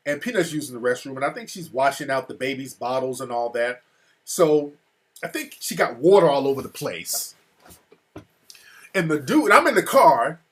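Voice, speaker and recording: A man with an American accent tells a story in a relaxed, rambling way. His voice sits a little higher than most men's. He swears freely, restarts his sentences often and keeps adding asides. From United States. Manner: loose, profane, full of restarts and asides. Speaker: speaker recounting a trip. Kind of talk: casual storytelling.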